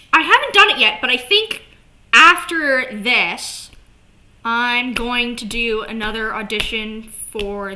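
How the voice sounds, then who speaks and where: A woman vlogger chatting casually to camera, animated and swearing, with lots of "like" fillers. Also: fairly high pitch, a little hiss or hum.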